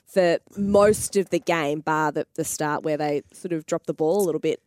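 Aussie woman hosting footy radio, quick and businesslike, dry close mic. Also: deep voice, a little mellow, no room sound. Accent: Australian. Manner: brisk, reads out stats and keeps the show moving. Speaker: sports radio host. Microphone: studio microphone.

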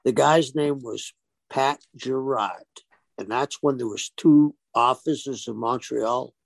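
A former pro wrestler tells stories in a casual interview, acting out the quoted dialogue with animation. His mid-range voice is slow and gravelly, with no room sound.

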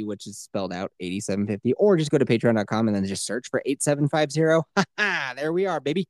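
A man's voice: on the high side, animated, fast, few pauses, no room sound, clean studio sound. A man hosting a podcast, joking in a boisterous, crude, casual way. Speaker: podcast host. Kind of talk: casual comedic chat.

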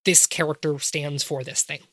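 Low-voiced woman lecturing on games. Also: fairly even intonation, moderate pace, fairly bright tone, no room sound. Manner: academic, lecturing with rhetorical questions. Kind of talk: casual analytical discussion.

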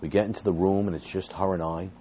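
A man's voice: sits low, steady tone, fast, warm tone, slight background noise. A man earnestly recounting, in an emotional personal story, how he was fired from his job as a behavior therapist. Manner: earnest, agitated retelling with rising intensity.

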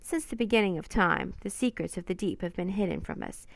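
A woman's voice: medium pitch, brisk, creaky, no room sound, lightly acted. A woman voicing a portly, jovial older male professor who talks like he is giving a lecture. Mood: lecturing. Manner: lecturing, grandly formal.

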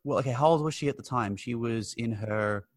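A man chatting enthusiastically about old films as a podcast co-host. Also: medium pitch. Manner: chatty, enthusiastic, quick asides. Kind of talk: casual film chat.

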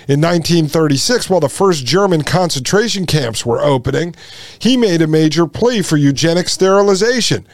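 A man's voice: fairly high pitch, dry recording. A man hosting a podcast, reading a text aloud and breaking off into sarcastic commentary. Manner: sarcastic, mocks with put-on voices. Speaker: podcast host.

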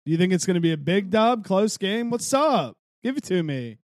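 Male podcast co-host, high voice, dry close mic; quick reactive asides and laughter. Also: very animated, no room sound. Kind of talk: casual chat.

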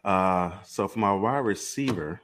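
A man's voice: sits low, unhurried, a bit bright. A man co-hosting a podcast, laid-back in casual chat and laughing along with the others. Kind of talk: casual fantasy football chat.

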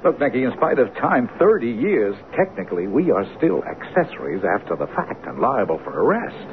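A man's voice: mid-range voice, big pitch swings, moderate pace, lightly acted. A man in his fifties playing a wry, cautious American brigadier general and husband in an old-time radio drama. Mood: alarmed. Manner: wry and teasing. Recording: tinny, noisy old radio broadcast.

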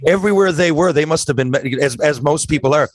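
A man's voice: fairly high pitch, fast, slight background noise. A man from Newfoundland in casual chat, prompting and chiming in with short remarks.

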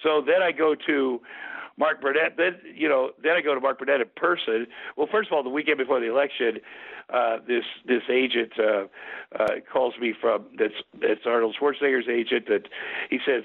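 Gravelly man telling stories over a tinny line. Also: medium pitch, normal speed. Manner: rambling, lively, many restarts and acted quotes. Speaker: interview guest. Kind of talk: animated storytelling. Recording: phone-like narrow sound.

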